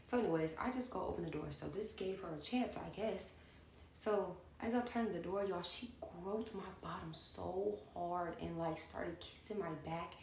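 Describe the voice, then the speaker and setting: A young woman telling a personal story to her viewers in a chatty, animated way, turning to the audience again and again, recorded at home. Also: fairly low pitch, normal speed, vocal fry, reverberant, a little hiss or hum. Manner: animated and chatty, keeps addressing the audience directly. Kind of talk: storytime vlog. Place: at home indoors.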